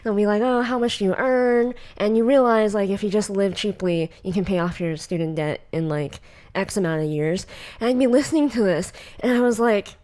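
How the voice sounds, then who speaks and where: A woman's voice: medium pitch, brisk, hardly any pauses, dark tone. A young woman from California with a Valley Girl accent, hosting a podcast in casual, chatty talk, often laughing and using fillers. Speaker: podcast host. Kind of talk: casual chat.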